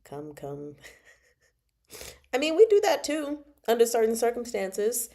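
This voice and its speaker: A woman hosting a casual livestream book chat, animated and exasperated, laughing often and talking back to the characters. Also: fairly high pitch, measured pace. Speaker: book club host.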